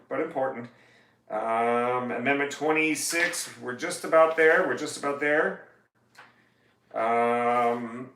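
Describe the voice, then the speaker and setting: Lawyer guy on a casual livestream, bright voice, echoey music room, reads legal text then jokes about it. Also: fairly high pitch. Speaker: attorney hosting a livestream.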